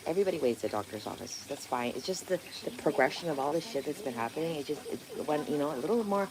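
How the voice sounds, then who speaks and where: Woman rambling thru a morning livestream outside, low voice that swings all over, pond and critter noise behind. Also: lively intonation, fast talker, few pauses. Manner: rambling, swearing, answers viewer comments aloud. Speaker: livestream host. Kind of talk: casual livestream chat. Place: outdoors by a backyard pond. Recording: outdoor noise in background.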